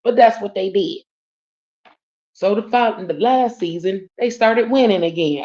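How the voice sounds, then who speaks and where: A woman's voice: medium pitch, unhurried, warm tone. A woman tells a casual story on a livestream from home. She is blunt and profane, uses slang and keeps calling out to her viewers. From Detroit, USA. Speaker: livestream host. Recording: dull lo-fi stream audio.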